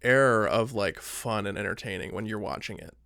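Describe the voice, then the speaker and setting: A man co-hosting a podcast in casual chat, animated, leaning on "like" and acting out his own thoughts as quoted lines. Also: on the low side, moderate pace, gravelly, no room sound, studio quality. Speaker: podcast co-host.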